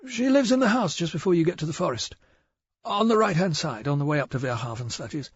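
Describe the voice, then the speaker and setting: Man putting on a hoarse nervous shopkeeper, high strained voice, stammering, audiobook, dull lo-fi sound. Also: lively intonation, fast talker, no echo, exaggerated voice. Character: nervous hoarse male village shopkeeper, middle-aged. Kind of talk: audiobook character voice.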